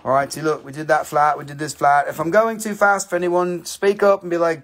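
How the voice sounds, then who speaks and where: Selling stones over a live stream, this man jokes, curses, and chats casually in a relaxed sales pitch. He talks quickly in a slightly high voice, barely pausing.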